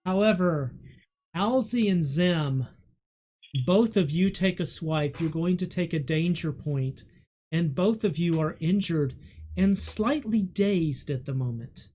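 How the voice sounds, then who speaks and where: A game master narrating a tabletop role-playing game with slow, deliberate storytelling. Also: mid-range voice, warm tone.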